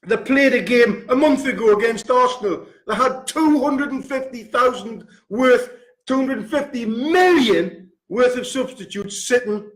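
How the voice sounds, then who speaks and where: A man's voice: very high voice, a little slow. A man, ranting furiously about his football club, swearing and hammering the same figures again and again. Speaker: football fan pundit. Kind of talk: angry football rant. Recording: roomy echo.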